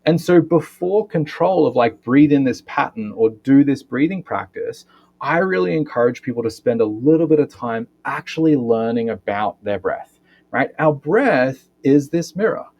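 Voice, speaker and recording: Heard over lo-fi sound, a man with a mid-range voice speaks at a normal pace. He's a physiotherapist and breathwork educator giving a podcast interview, explaining with energy and regularly closing thoughts with "right?" as a tag question.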